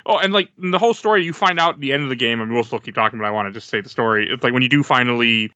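A man co-hosting a casual talk show about games, retelling plots and stopping often to restart his sentences. His tone is bright and tense, and the recording is dry with no room sound. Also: mid-range voice, racing, dry recording, lo-fi sound. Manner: storytelling with frequent restarts.

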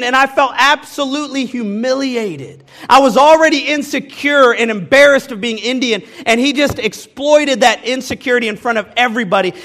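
A Midwestern American pastor with a high, fairly bright male voice gives a candid sermon. He shares personal stories and speaks straight to his congregation, using self-deprecating humor.

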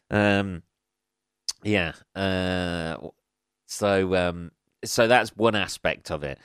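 A man hosting his own podcast, rambling on in a loose, sweary monologue full of chuckles and filler words. His voice is fairly low, smooth and resonant. The sound is close-miked and dry, with no room echo. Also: takes it slowly, a bit bright. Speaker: podcast host. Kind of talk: casual monologue.

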